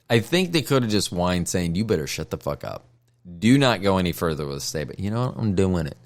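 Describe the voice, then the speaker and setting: A man hosting a casual solo podcast, talking in a blunt, sardonic way as he tells stories about his life. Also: mid-range voice. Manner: blunt, sardonic, lively storytelling. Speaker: podcast host.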